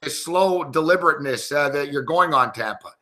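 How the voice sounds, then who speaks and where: A man's voice: on the high side, brisk, bright, forceful tone. A man, a sports betting analyst, giving frustrated, profane live reactions to a football game.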